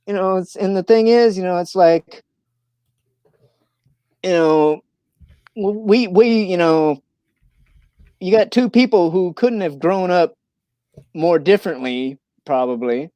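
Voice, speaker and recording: A man's voice: high-pitched, slow pace, long pauses, mellow, clear, resonant tone, no room sound. A man from Missouri hosting a casual livestream chat, rambling with lots of fillers and restarts. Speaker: livestream host.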